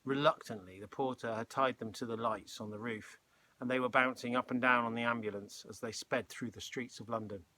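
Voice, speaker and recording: Casting: bright, clear male read-aloud voice, relaxed storybook narrator. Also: mid-range voice, a little fast. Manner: relaxed, with chatty asides. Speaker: storybook reader. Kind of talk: reading a children's novel aloud.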